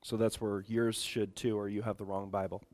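Throat-clearing pastor preaching, lowish voice. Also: male voice, flat delivery, normal speed, big-room sound. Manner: prays softly, then preaches louder with frequent throat clearing. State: congested from allergies. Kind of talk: sermon.

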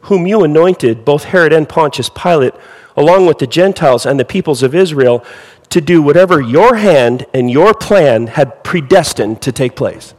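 Animated man preaching in a reverberant hall. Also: fairly high pitch, normal speed. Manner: animated preaching, rhetorical questions. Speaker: pastor. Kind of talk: sermon.

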